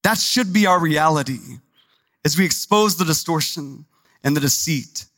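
A man's voice: a little high, a bit bright, dry recording. A male pastor delivering a sermon in a conversational, emphatic way, repeating phrases for stress.

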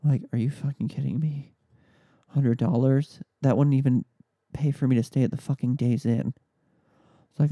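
A man's voice: medium pitch, fairly even intonation, normal speed, pauses often, warm tone, dry recording, clean studio sound. A man hosting a podcast, telling a story in a blunt way and swearing freely. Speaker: podcast host. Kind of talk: comic storytelling monologue.

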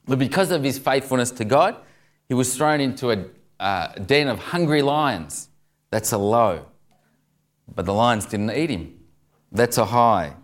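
A man's voice: mid-range voice, animated, moderate pace. A man preaching a sermon, telling jokes and stories and chuckling at the punchlines. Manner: jokey storyteller, chuckles through punchlines.

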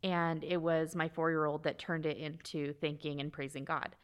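A woman in her thirties, a mother of two, tells a heartfelt personal story on a talk show in a quick, earnest way with halting restarts. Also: sits low, level tone, smooth.

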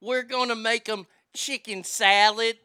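A showy old church lady with a thick Southern drawl, put on by a man telling a story, holding forth at full volume. Her voice sits well above his own and crawls along slowly, stalling on half-remembered words. The sound is bright and crisp, close on a dry mic. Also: very high-pitched, steady tone, no room sound, pitched above the performer's own voice, exaggerated voice. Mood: chatty. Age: older. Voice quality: drawling, halting, fumbling for words. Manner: loud, slow, showy.

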